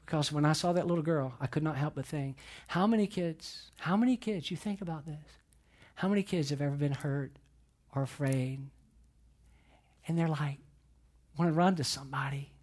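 A man with a fairly high voice preaches to his congregation. He tells stories with lots of repeated, restarted phrases. His delivery swings from loud emphasis to soft, almost whispered lines. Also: normal speed. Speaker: pastor. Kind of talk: sermon.

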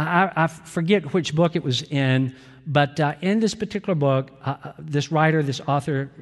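A male pastor delivering an earnest Wednesday night sermon in a church, slow and emphatic with pauses. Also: fairly high pitch. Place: church sanctuary. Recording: reverberant church hall.

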